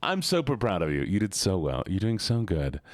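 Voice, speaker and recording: A sleepy man streaming live, greeting his chat one by one in a playful sing-song. His voice sits fairly low but swings widely in pitch. The sound is dry and close. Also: very animated, normal speed, no echo. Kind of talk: casual chat greeting viewers.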